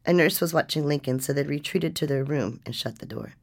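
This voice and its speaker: A woman reading a nonfiction story as narrator, with a measured, restrained delivery. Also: deep voice, slightly rough.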